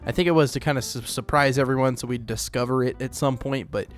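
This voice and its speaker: A man's voice: medium pitch, fairly even intonation, fast talker, soft background music. A man hosting a let's play, rambling casually as he plays, with lots of fillers. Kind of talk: casual gameplay commentary.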